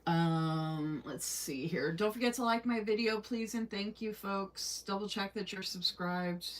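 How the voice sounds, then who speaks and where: A woman's voice: lowish voice, steady tone, moderate pace, hardly any pauses. A woman hosting a casual livestream, chatting with viewers, reading their comments aloud and laughing often. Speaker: livestream host.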